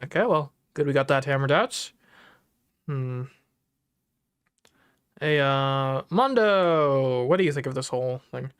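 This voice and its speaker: A woman's voice: rumbling low, unhurried, long pauses, smooth. A woman streaming a video game, chatting casually, often stumbling and correcting herself. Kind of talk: casual game stream, reading dialogue aloud.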